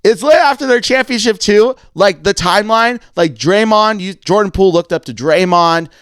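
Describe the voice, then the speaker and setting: A young man co-hosting a casual podcast, chatty and excitable. His voice sits a little high with lively pitch swings, and it sounds smooth and dry up close. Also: no echo. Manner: excitable, quick to react, chatty. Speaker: podcast co-host.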